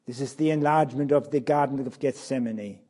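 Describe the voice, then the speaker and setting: A man preaching a sermon, reading scripture aloud, building to emphatic passages and dropping to hushed tones. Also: medium pitch, brisk. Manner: drops to soft, hushed tones on key phrases.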